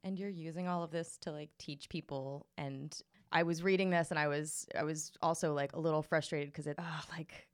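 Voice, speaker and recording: A woman's voice: deep voice, steady tone, moderate pace, hardly any pauses, clean tone, no echo, studio quality. A woman co-hosting a casual podcast conversation, speaking earnestly and supportively in run-on sentences.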